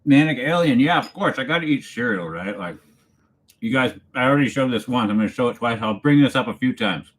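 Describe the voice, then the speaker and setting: A man from Canada hosting a casual livestream, chatting with viewers and reading their comments aloud in a relaxed way, chuckling as he goes. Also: medium pitch, fairly quick. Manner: laid-back, chuckling, talks to viewers by name. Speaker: channel host reading live chat. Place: home, alone for the evening.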